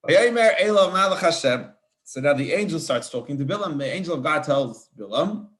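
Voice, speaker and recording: A rabbi teaching a verse-by-verse scripture class, reading Hebrew phrases and translating them in a chatty way with many restarts. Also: male voice, medium pitch, fairly bright tone.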